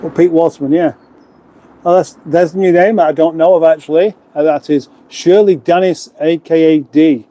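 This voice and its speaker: A middle-aged man from England chats his way through a relaxed livestream from his lockup garage, reading out viewer comments and poking fun at himself in rambling asides. His voice sits a touch high, with a warm, mellow tone. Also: moderate pace. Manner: chatty, self-mocking, rambling asides. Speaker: livestream host. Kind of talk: casual live chat reading viewer comments. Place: lockup garage in front of a fridge.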